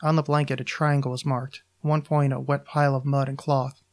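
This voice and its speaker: A podcast host reading his own short story aloud in an even, measured way. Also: mid-range voice.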